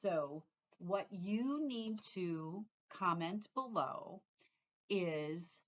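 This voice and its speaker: A middle-aged woman with a fairly low voice chats to her viewers in a loose, rambling way. She often trails off and starts her sentences over. The sound is a little dull and lo-fi, as from a home setup. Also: animated, very slow, a bit bright. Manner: rambling, chatty, trails off and restarts. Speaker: cross-stitch vlogger. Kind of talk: casual chat to viewers.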